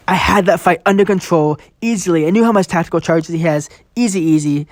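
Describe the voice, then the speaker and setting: A man's voice: sits high, a little fast, no echo, studio quality. A young man commenting over his own gameplay footage, venting frustration at his mistakes and acting out his reactions. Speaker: gaming channel host.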